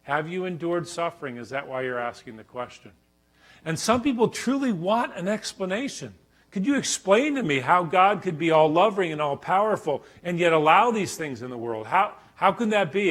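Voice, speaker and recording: Animated man teaching a Bible session. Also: high-pitched, normal speed. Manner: animated, acts out quotes with sudden loud bursts. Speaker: professor teaching a church conference session.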